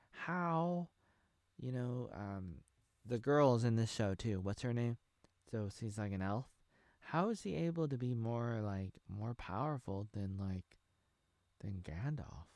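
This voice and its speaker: A man's voice: mid-range voice, darkish tone, dry recording, studio quality. A man in his thirties from Oregon, rambling and joking with many ums and likes as he talks casually about a TV episode. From Oregon, USA. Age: 30s. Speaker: video creator reviewing a TV episode. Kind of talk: casual off-the-cuff commentary.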